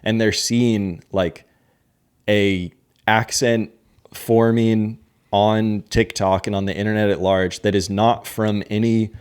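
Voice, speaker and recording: Low-voiced rambling podcast guy. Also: steady tone, takes it slowly, clean tone. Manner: rambling, hedging, lots of "like". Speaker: podcast co-host. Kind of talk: casual chat.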